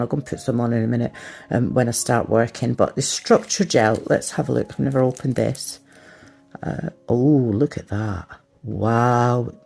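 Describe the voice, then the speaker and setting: A woman's voice: rumbling low, vocal fry, mellow. A middle-aged woman chatting through a casual nail product review, rambling and self-deprecating. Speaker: nail art vlogger.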